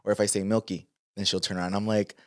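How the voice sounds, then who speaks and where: A man's voice: lowish voice, little pitch movement, fast, dry recording, clean studio sound. A man co-hosting a podcast in casual chat, rambling and searching for his words in a playful way. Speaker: podcast co-host.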